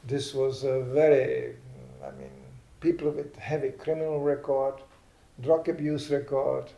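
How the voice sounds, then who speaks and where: A man's voice: medium pitch, gravelly. Older man preaching in echoey hall. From Czechoslovakia. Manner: animated storyteller, acts out comic voices. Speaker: spiritual teacher. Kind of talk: humorous sermon. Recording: roomy hall echo.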